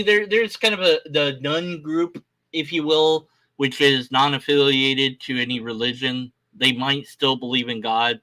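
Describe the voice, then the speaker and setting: A man's voice: medium pitch, sharp tone. A man talking in a rambling, casual vlog monologue, full of fillers and restarts, with sarcastic mock quotes. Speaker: vlogger.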